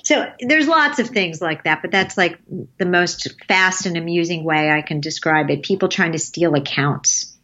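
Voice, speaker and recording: A woman's voice: on the low side, moderate pace, bright, forceful tone, highs cut off. A woman in her late fifties, a guest in an interview, telling rambling stories and laughing often. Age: 50s. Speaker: guest, advertising creative. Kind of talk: casual interview storytelling.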